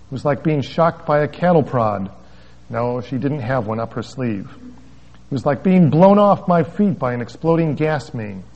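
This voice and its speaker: A man's voice: mid-range voice, animated, measured pace. A man preaching as a pastor, reading a story aloud with wry asides and chuckles, on a dull lo-fi recording. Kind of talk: sermon with a read-aloud story.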